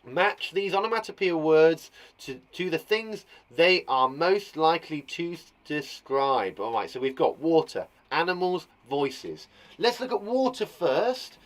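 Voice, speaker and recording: A young British man's slightly high voice is animated and measured as he teaches young children in an online lesson. The primary school teacher works from a garden shed classroom, staying playful and encouraging, with gasps and laughs to act out sound words.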